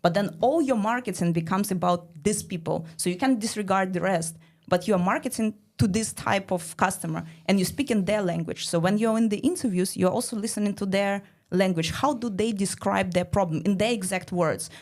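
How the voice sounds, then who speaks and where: A woman guest on a podcast, explaining ideas in a casual, animated way with many "like" fillers. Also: mid-range voice, fairly quick. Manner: explanatory, peppered with "like". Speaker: guest, startup studio founder.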